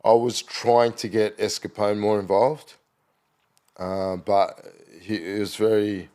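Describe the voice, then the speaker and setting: A man's voice: lowish voice, flat delivery, slow pace, warm tone. A middle-aged Australian man, a podcast guest, telling loose anecdotes in casual chat with lots of fillers and restarts. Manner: rambling anecdotal storytelling with many fillers.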